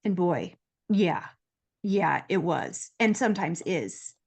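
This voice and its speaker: A woman guest in an earnest, lively conversation, telling a personal story and acting out the voices she quotes. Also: on the low side, takes it slowly, creaky, slightly rough.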